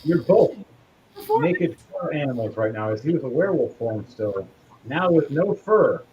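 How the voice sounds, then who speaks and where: Male game master, lively and bawdy narration, muffled lo-fi mic. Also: medium pitch. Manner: playful, bawdy narration with quick put-on quotes. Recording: dull lo-fi mic with faint noise.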